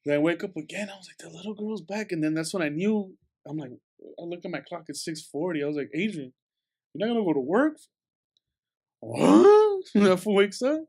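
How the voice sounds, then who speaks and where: A man's voice: sits high, a little fast. A man on a casual podcast, teasing a friend with slang and acting out a story. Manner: teasing, slangy, ends lines with "fool"; animated storyteller, acts out what others said. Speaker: podcast co-host. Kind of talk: casual chat.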